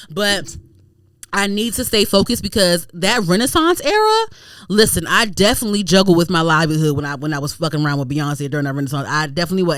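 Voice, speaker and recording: Bright-voiced woman telling a story, dry sound. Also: fairly low pitch, clean tone, no room sound. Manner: animated storytelling, swears freely, rises to indignant shouts. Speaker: podcast co-host. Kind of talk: casual chat.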